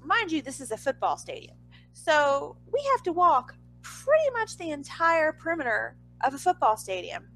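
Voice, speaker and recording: On a low-quality recording with a little hiss or hum, a woman with a somewhat bright voice chats through a personal story, saying "like" constantly and swearing now and then. She acts out other people's lines in a higher voice.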